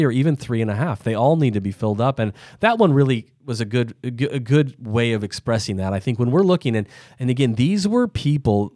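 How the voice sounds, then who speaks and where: A middle-aged man from the Midwest hosts a casual podcast interview, his voice sitting on the low side. He thinks aloud in long, winding sentences, circling back and restarting as he goes. The sound is close and dry, with no room around it. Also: warm tone, dry recording. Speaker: podcast host.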